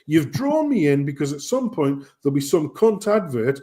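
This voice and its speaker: A man's voice: on the high side, big pitch swings, moderate pace, dark tone. A man hosting a casual live chat, ranting and swearing. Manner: swearing, ranting, mimics voices. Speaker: host.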